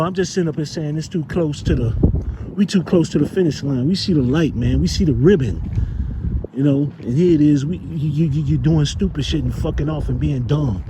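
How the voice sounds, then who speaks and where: A man preaching informally to his brothers, rambling and cursing as he searches for the words of scripture. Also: a little high. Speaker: street preacher. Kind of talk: informal exhortation. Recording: noisy outdoor street recording.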